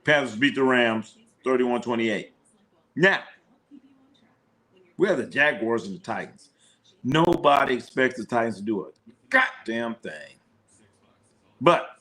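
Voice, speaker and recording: A man's voice: mid-range voice, expressive, measured pace, pauses often, sharp tone. A man recapping football scores on a live stream, rambling and profane, repeating himself as he riffs. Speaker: sports streamer. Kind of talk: casual sports recap.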